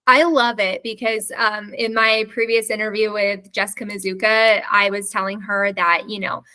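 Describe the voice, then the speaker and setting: A woman's voice: mid-range voice, little pitch movement, moderate pace, pushed and bright, rough recording. A woman hosting a podcast who talks candidly and rambles, sometimes losing her train of thought. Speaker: podcast host. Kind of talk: casual interview chat.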